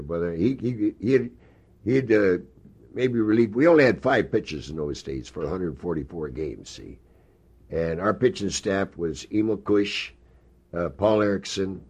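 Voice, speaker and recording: A man's voice: low-pitched, a little mellow, slightly rough. An older man telling rambling, folksy stories in an oral history interview. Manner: rambling storyteller, folksy, many fillers. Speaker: interviewee, former ballplayer.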